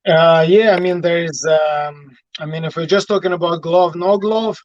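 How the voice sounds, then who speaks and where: A native Russian speaker who picked up a slight Irish accent chats frankly as an interview guest. His voice sits a little high and sounds dry and close. He swears casually and peppers his talk with "you know". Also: fairly even intonation, normal speed, no echo, lo-fi sound. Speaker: guest fighter.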